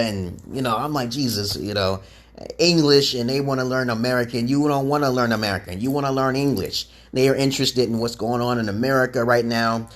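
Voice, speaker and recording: Brief: man hosting a rambling solo livestream, preachy and foul-mouthed, mid-range voice, webcam mic. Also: medium pitch. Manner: profane, preachy, greets chat viewers mid-talk. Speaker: livestream host giving self-styled advice.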